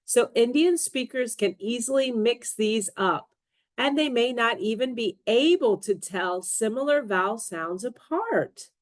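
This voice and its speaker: Slow, deliberate woman teaching pronunciation. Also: a little high, expressive, no room sound. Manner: deliberate, models word pairs clearly. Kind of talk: slow scripted pronunciation lesson.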